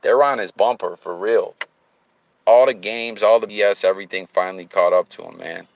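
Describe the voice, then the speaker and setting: A man's voice: fairly low pitch, normal speed, gravelly, no room sound, rough recording. A man hosting a livestream from a car, chatting loosely and reading viewer comments aloud in slang-heavy talk with sudden hyped bursts. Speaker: livestream host. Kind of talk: casual live chat reading viewer comments. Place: in a car while driving.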